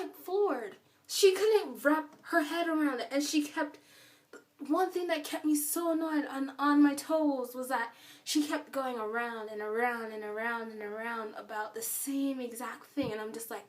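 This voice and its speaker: A woman's voice: sits high, unhurried. A woman vlogger telling a story in a casual, rambling way, filling her speech with "like" and stressing her points hard. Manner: rambling and emphatic, heavy use of filler "like". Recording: voice a bit far from the mic.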